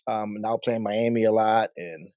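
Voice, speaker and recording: A man's voice: on the low side, fairly quick, no room sound. A man from Baltimore, a guest DJ and radio host, telling stories animatedly in a casual interview. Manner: animated, acts out voices in stories.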